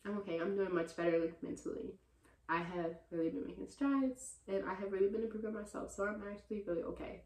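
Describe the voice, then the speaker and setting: A woman in her twenties runs a relaxed Q&A vlog, chatting straight to her viewers and calling them y'all. When something annoys her she gets loud and animated. Her voice sits at a middle pitch and carries a roomy echo. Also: fast talker. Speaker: vlogger answering viewer questions. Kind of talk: casual Q&A vlog chat.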